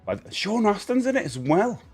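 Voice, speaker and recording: A man's voice: high-pitched, big pitch swings, normal speed, husky, soft background music. A man hosting a live stream in casual chat, rambling and greeting viewers as he goes. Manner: chatty, rambling, greets viewers, stumbles and repeats.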